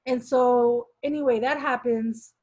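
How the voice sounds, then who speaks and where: Chatty higher-voiced woman telling a story. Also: fairly even intonation, a little slow, mellow, no echo. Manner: talkative, acts out quoted dialogue, many "like" fillers. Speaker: former movement member telling her story. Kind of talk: casual personal storytelling. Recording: dull, dry sound.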